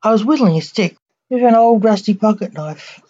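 A woman podcast host, a poet and author, reading her own rhyming spooky stories with a measured storytelling cadence. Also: mid-range voice, animated, mellow, dry recording. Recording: dull lo-fi dry recording.

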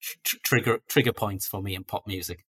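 Man in his forties, podcast guest, bright low voice, anecdotal and self-deprecating. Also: steady tone, fairly quick, breathy edge. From North East England. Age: 40s. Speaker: guest author. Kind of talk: casual podcast interview.

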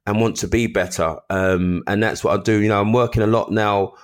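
Low-voiced guy chatting on a podcast, earnest, repeats himself a lot. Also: steady tone, fairly quick. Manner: earnest, repeats words while thinking. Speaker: guest, former footballer and mentor. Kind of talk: casual podcast chat.

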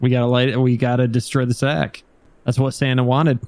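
A man's voice: medium pitch, little pitch movement, a little fast, a little mellow, dry recording. A man playing a tabletop game, talking casually and swearing freely. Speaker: player. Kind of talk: casual tabletop role-play.

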